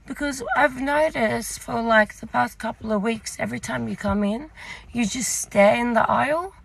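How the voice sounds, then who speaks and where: A woman voicing a caring, concerned young female supermarket worker who speaks gently and hesitantly. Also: a little high, moderate pace, creaky, low-quality recording.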